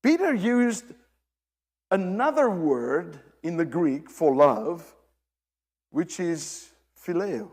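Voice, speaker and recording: A man's voice: on the high side, sing-song, slow pace, darkish tone, slightly rough, long reverb tail. A man preaching a sermon, emphatic and direct with the congregation, often repeating and restarting his phrases.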